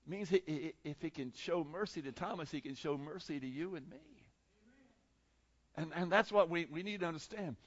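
A male pastor preaching a sermon in a fairly high voice, emphatic and repetitive. He often restarts his phrases and swings between booming and hushed. The recording is dry and dull, like lo-fi audio. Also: fairly quick, no room sound.

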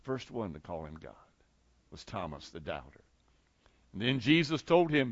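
A male pastor preaching a sermon, emphatic and repetitive, often restarting his sentences and swinging between loud and soft. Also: mid-range voice, very animated, normal speed, pauses often, no echo, muffled recording.

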